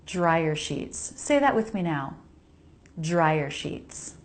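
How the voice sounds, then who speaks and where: An American woman teaching English pronunciation, slowly repeating each word for the listener to copy. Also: low-pitched, very animated. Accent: General American. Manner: slow, precise, repeats words for practice. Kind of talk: pronunciation lesson voice-over.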